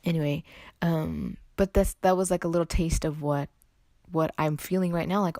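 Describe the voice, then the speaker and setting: Low-pitched chatty young woman, rambling podcast talk, bit under the weather, dry sound. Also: fairly even intonation, normal speed, dark tone, dry recording. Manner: rambling, chatty, self-interrupting with "like" and "anyway". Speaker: podcast host. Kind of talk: casual solo podcast chat.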